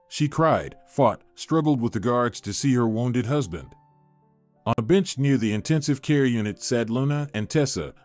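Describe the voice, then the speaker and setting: A man's voice: medium pitch, a little mellow. A man reading a dramatic story aloud as narrator. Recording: dry studio voice-over with faint music.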